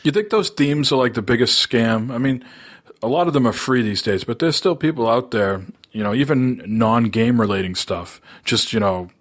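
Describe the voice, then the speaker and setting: A man's voice: mid-range voice, moderate pace. Chatty man hosting a gaming podcast. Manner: curious, chatty, asks questions. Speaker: podcast host. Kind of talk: casual podcast chat.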